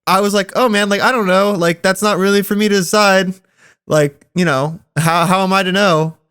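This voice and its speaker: A man's voice: sits high, normal speed, clear, resonant tone. A young man casually telling a story on a podcast, laughing often as he recounts it. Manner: laughs often, animated retelling.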